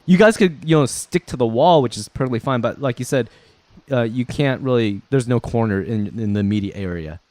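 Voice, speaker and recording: A man's voice: mid-range voice, a little fast, a little mellow, no echo. A man narrating as game master in a loose, chatty way with many fillers.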